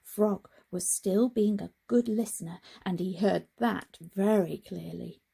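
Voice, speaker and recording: A woman reading a picture book aloud to children in a very expressive way, with gasps and hushed whispers. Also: medium pitch, unhurried, gravelly, slightly rough. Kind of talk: children's storybook read-aloud.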